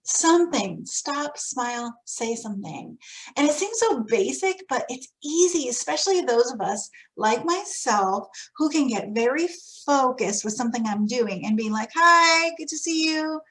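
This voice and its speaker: A woman's voice: a little high, lively intonation, normal speed, low-quality recording. A woman training early childhood teachers, giving practical advice in a conversational way. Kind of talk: professional development talk.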